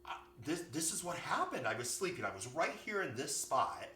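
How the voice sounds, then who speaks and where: A man voicing a small, frightened male bunny who speaks in high, slow, alarmed exclamations. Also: big pitch swings, sharp tone, slight background noise. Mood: flustered. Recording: echoey room, far from mic.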